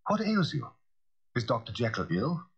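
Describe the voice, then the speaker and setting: A composed Victorian lawyer in his middle years, formal and gently commanding, as a male narrator puts him on. The voice sits raised and husky, with lively rises and falls. The recording is dull and lo-fi. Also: medium pitch, moderate pace, voice pushed up, exaggerated voice. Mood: concerned.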